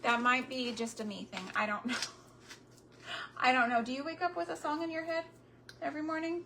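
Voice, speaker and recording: A woman's voice: high voice, fairly even intonation, brisk, noisy background. A woman chatting casually with her viewers while crafting, tender and a little sentimental, often speaking straight to them. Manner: talks directly to viewers.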